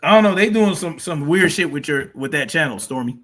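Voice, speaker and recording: Streamer guy reacting to clips, cussing and mocking, kinda high voice. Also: expressive, brisk, fairly bright tone. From family from Mississippi. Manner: blunt, profane, mocking. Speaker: streamer host. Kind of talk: casual live-stream reaction commentary.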